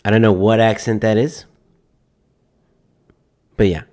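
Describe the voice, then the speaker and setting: A man's voice: on the low side, steady tone, measured pace, darkish tone. A man hosting a live stream, chatting casually and joking sarcastically while he reads out film synopses. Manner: rambling, jokey and sarcastic, reading film synopses aloud. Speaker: host.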